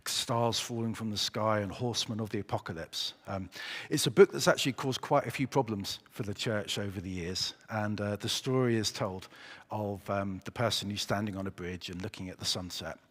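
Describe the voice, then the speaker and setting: A man preaching a sermon in a church, chatty and relaxed with hesitations and a joking touch. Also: lowish voice, moderate pace. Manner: conversational, hesitant with fillers, joking. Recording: echoey church hall.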